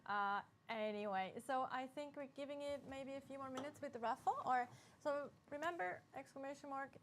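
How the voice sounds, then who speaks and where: A woman's voice: sits high, brisk, a bit bright, slight background noise. A woman who is not a native English speaker, co-hosting a live stream with a hesitant, filler-heavy way of talking. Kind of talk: casual live-stream chat.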